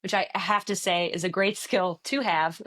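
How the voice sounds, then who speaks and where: Actress guest, low-pitched, chatty, quick to laugh, mimics voices in her stories. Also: fairly bright tone. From American Midwest. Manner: chatty, laughs often, acts out quoted voices. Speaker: stage actor, interview guest. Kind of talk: casual interview chat.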